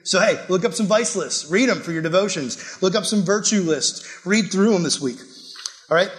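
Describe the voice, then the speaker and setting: Young male youth pastor, casual and animated sermon, fairly high voice. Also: moderate pace. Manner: casual, animated youth preaching with acted-out quotes.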